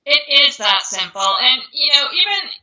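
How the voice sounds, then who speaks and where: A woman's voice: sits high, sing-song, normal speed, sharp tone, low-quality recording. A woman guest in a casual conversation, speaking earnestly and reflectively, often restarting her sentences.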